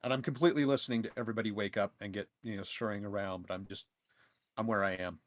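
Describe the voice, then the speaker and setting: Low-voiced man playing a calm character. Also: quick pace, no room sound. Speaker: player. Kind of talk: casual tabletop role-play.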